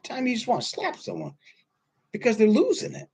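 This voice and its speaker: A man in his fifties giving a casual sermon, telling stories in a husky voice that swings from quiet asides to loud bursts. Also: extremely high pitch, fairly quick. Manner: animated storytelling, swings from quiet to loud, laughs often. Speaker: pastor.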